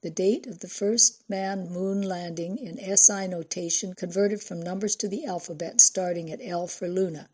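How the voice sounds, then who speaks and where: A woman narrator voicing a calm, precise older woman who gives careful instructions. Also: fairly low pitch, slightly rough. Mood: measured. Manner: measured, precise, gently authoritative.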